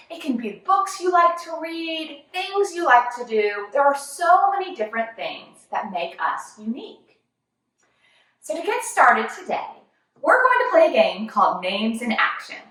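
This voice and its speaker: A woman's voice: high-pitched, a bit bright. A young woman leading a children's yoga class with a cheerful, sing-song, encouraging manner. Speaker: kids yoga teacher. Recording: very echoey room, voice from far off.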